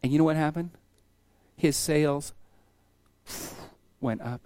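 A man preaching a casual sermon, telling folksy stories and acting out the people in them with sudden loud bursts. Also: a little high, measured pace, no room sound. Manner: storytelling, acts out quoted voices with sudden loud bursts; folksy, conversational.

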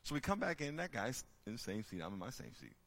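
Animated storytelling man. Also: mid-range voice, fast talker. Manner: lively, acts out characters with loud shouting bursts. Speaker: speaker teaching a group.

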